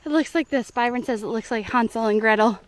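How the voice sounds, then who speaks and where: A woman's voice: fairly high pitch, quick pace. A young woman with a Southern US accent, chatting cheerfully to camera while walking a hiking trail outdoors and laughing often. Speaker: hiking vlogger. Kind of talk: casual hiking vlog narration.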